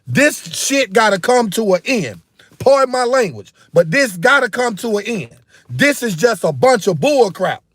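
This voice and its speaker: A man's voice: sits high, big pitch swings, moderate pace, a bit bright, dry recording. A man, hosting a political commentary livestream. He rants heatedly, repeats himself, and keeps calling his viewers "bro" and "man.". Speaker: political commentary channel host.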